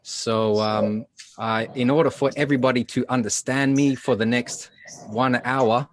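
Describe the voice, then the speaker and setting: A man's voice: mid-range voice, steady tone, measured pace, a little hiss or hum. A man with an Australian accent giving a motivational talk, upbeat and drawing the audience in. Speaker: speaker.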